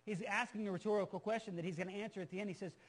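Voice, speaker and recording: A male preacher with a noticeably high voice teaches from scripture in an earnest, emphatic way. He doubles back on phrases for stress and turns to his listeners with casual asides. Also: steady tone, racing. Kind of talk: sermon, Bible teaching.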